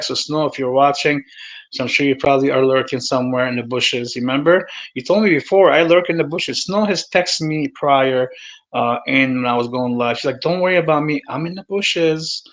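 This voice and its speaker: A man hosting a livestream, talking casually and addressing viewers by name, swinging between calm and heated with lots of fillers and some swearing. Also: fairly high pitch, poor audio. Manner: many fillers and restarts, swears. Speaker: livestream host.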